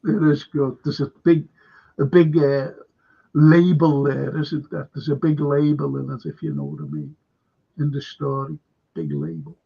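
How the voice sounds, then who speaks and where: A man hosting a casual film chat stream, excitable and reading out viewer comments. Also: mid-range voice, a little slow, gravelly, slightly rough. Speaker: host. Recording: dull lo-fi stream audio.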